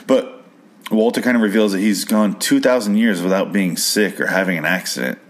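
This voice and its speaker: A man's voice: lowish voice, a little fast. A man casually recapping a show's episode, profane and incredulous, prone to rambling rants.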